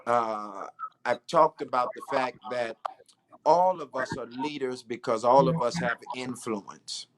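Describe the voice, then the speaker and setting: A man, a pastor hosting the interview, asking questions and speaking in a measured way with some pauses. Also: medium pitch, crowd noise. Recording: faint background noise.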